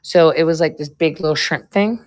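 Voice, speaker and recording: A woman with a low-pitched voice hosts a livestream at a moderate pace, chatting casually with a co-host. She rambles between stories and swears freely.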